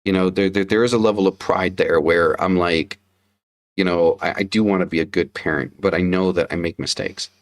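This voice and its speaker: A man with a fairly low voice chats on a livestream, candid and loose. He swears freely and circles back over his own words as he tells a story. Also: steady tone, fairly quick. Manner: candid, heavy swearing, repeats himself. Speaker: podcast co-host, father. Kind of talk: casual livestream chat.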